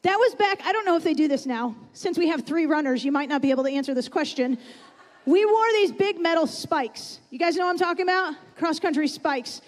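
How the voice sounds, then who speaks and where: A woman's voice: very high-pitched, animated, fairly quick. A woman preaching a sermon in a church, chatty and often asking the congregation questions. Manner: conversational, asks the audience questions. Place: church sanctuary. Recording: long reverb in a church hall.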